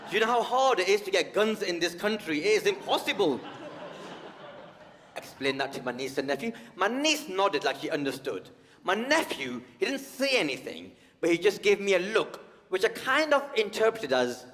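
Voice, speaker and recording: Lively man doing stand-up. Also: high-pitched, normal speed, a little hiss or hum. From United Kingdom. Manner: conversational, teasing, addresses the audience. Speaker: stand-up comedian. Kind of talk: stand-up comedy set. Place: large theatre stage. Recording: long hall reverb.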